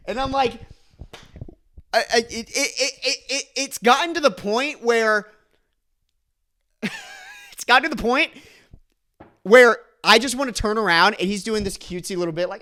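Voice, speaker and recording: A young man telling a comic story as a podcast host, ranting with bursts of laughter and shouting. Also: very high voice, moderate pace, pauses often. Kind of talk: comedic storytelling rant.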